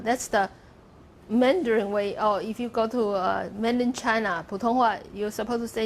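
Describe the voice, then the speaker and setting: Lecturing to a university class, this woman speaks at a moderate pace in a slightly high, steady voice, with some hiss or hum present. She goes through things step by step, demonstrating pronunciations aloud and asking "okay?".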